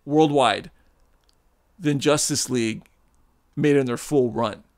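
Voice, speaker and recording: A man's voice: mid-range voice, slow pace. A man hosting a podcast, chatting casually and animatedly, swearing freely and acting out what others might say. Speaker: podcast host. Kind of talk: casual chat.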